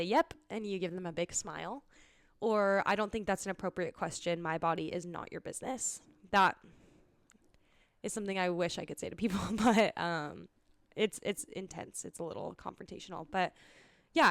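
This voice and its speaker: Smooth-voiced young woman podcast host. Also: lowish voice, no echo. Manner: casual, earnest, laughs often. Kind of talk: solo podcast talk.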